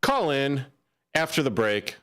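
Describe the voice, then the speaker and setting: A man's voice: medium pitch, big pitch swings, slow, fairly bright tone. A man co-hosting a live local radio show, rambling and joking casually in the studio. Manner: playful, jokey, rambling with restarts. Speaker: radio co-host. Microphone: studio microphone.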